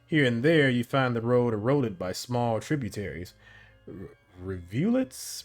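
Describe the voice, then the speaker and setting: A man reading an interactive adventure story aloud, narrating at a measured pace and often stumbling and correcting himself. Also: medium pitch, a little mellow. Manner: measured narration with frequent slips and self-corrections.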